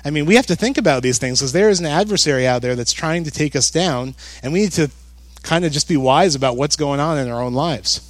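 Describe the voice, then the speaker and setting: A male pastor preaches in a relaxed, conversational way, joking now and then and punching key words. His voice sits a bit higher than most men's. The sound is close and dry. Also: brisk, no room sound. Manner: conversational, joking, animated emphasis. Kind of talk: sermon.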